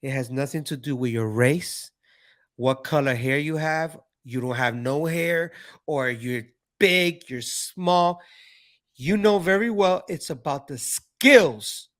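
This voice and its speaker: A male host with a noticeably high voice leads a casual interview. He speaks with emphasis and repeats his points so they land. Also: slow pace, a bit bright.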